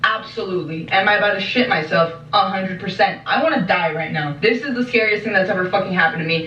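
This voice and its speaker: A woman's voice: mid-range voice, fast, few pauses, bright, forceful tone. A young woman telling a dramatic story vlog-style, swearing a lot and mimicking the voices of others. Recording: roomy, distant, dull lo-fi sound.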